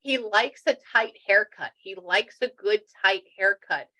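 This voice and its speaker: A woman medium talks through a reading with a bright, forward voice. She chats loosely, restarts her sentences and thinks aloud as she relays messages. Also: mid-range voice, unhurried, rough recording. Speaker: spiritual medium.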